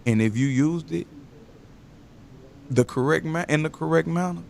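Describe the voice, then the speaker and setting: A man talking casually as a guest, telling loose, animated stories full of slang. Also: on the high side, normal speed, gravelly, slight background noise. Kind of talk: casual interview talk.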